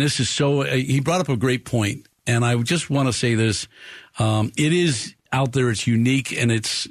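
A man's voice: medium pitch, dry recording. A man hosts a sports talk radio show from a studio, speaking in a mid-range voice. He rambles with enthusiasm, restarting sentences as he goes. The sound is close and dry, with no room around it.

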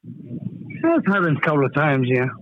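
A man's voice: fairly high pitch, huge pitch swings, a little slow, dry recording. A store owner, native speaker of Arabic, tells over the phone how he fought off a robber, chuckling as he speaks in broken English. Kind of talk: phone interview, recounting a story. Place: his shop. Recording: tinny phone line.

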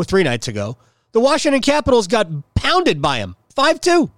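A man's voice: high voice, clean tone, dry recording, studio quality. A man hosting a sports podcast, giving a blunt, opinionated monologue with sarcastic jabs at his listeners. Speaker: podcast host.

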